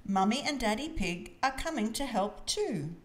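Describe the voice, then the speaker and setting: A kind gazelle schoolteacher in a storybook, given voice by a woman reading aloud. She talks slowly and gently to the children, her voice rising and falling with lively warmth. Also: fairly high pitch. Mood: kindly. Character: kind female gazelle teacher.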